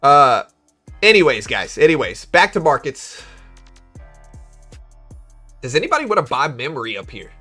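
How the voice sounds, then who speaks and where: A man's voice: on the high side, normal speed, pauses often, soft background music. A young man hosting a live trading stream, chatting casually and slangily with his audience and reading their comments aloud. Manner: chatty, slangy, reads chat aloud, animated when joking. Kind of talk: casual livestream chat.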